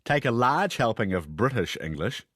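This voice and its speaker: A man with a New Zealand accent giving scripted documentary narration in a measured, storytelling way. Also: medium pitch, sing-song, fairly bright tone, no room sound, studio quality. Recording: voice-over with music behind. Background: guitar music.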